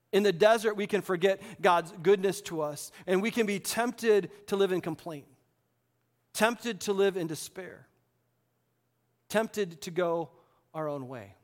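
A man's voice: high-pitched, long reverb tail. A man preaching a sermon as a pastor, casual and conversational with rhetorical questions.

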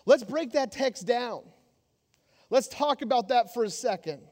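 A male pastor preaching a sermon in a church, animated, joking and emphatic. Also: extremely high pitch, moderate pace. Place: church sanctuary. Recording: long hall reverb.

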